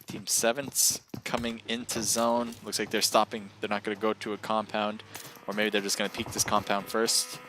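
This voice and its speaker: A man's voice: on the low side, little pitch movement, moderate pace, sharp tone, slight background noise. A man casting a live mobile battle royale match, casual and chatty, laughing and getting worked up at close calls. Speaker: esports caster. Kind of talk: live game commentary.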